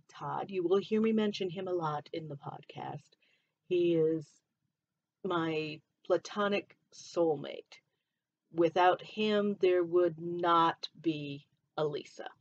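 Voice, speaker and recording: Lady podcaster with a southern-midwest mix accent, kinda low voice, rambly and chatty, muffled lo-fi sound. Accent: mixed Southern and Midwestern US. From Michigan, USA. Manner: chatty, wanders off on tangents. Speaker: podcast host. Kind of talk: casual solo podcast monologue.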